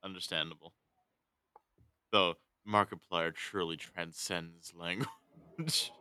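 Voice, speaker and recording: A man's voice: low-pitched, steady tone, slow, bright, forceful tone, smooth, no room sound. A man co-hosting a podcast in casual chat, laid-back and wry, talking into a phone. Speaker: podcast co-host.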